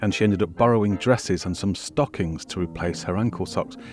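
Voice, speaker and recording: Low-voiced man narrating a history podcast. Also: normal speed, soft background music. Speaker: podcast host. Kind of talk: scripted narration.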